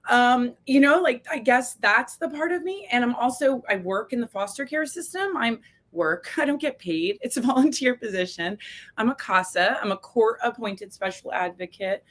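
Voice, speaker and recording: A woman's voice: on the high side, animated, normal speed, a bit bright. Tearful, candid woman coach. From United States. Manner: candid, emotional, swears freely. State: tearful, close to crying. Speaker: coach hosting a live video series. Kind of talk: casual live-stream talk to viewers.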